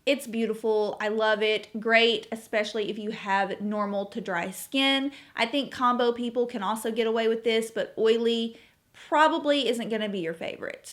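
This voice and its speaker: A woman's voice: fairly high pitch, fairly bright tone. A young woman chatting to camera in a casual beauty review, enthusiastic and gushing about her favorite products. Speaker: beauty vlogger.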